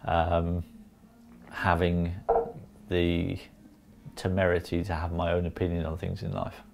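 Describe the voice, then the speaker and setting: Deep gravelly man in his fifties. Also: noisy background. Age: 50s. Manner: calm, unhurried, lots of ums. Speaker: guest, former football pundit. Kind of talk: casual interview.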